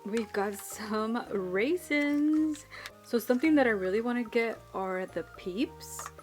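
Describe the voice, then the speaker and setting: A woman narrating a toy unboxing in a chatty, excitable way. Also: fairly high pitch, takes it slowly, soft background music. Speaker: toy channel host.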